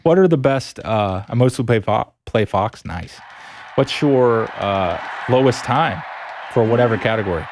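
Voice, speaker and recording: A man's voice: medium pitch, lively intonation, a little slow, a crowd in the background, background noise. A man streaming a video game live, upbeat and playful as he chats with his viewers. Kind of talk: casual live-stream chat while gaming. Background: game music.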